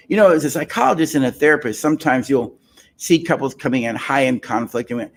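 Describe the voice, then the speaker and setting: Emphatic husky male therapist teaching. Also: a little high. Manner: emphatic, repeats key phrases, asks rhetorical questions. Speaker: psychologist and therapist. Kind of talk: teaching talk on love and marriage.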